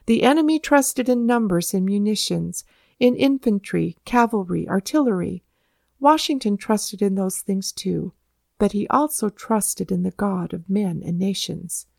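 Gravelly-voiced woman narrating solemnly. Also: medium pitch, measured pace, darkish tone, dry recording, clean studio sound. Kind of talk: read-aloud historical narration.

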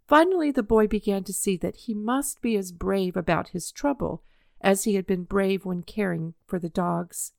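A woman reading a children's story aloud in a measured, expressive way. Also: mid-range voice, gravelly, no echo.

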